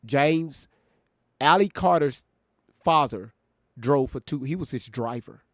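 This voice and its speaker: A man's voice: a little high, slow pace, dry recording, studio quality. Casual male stream host reacting. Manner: talks to his viewers, emphatic and informal. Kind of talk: casual live-stream commentary.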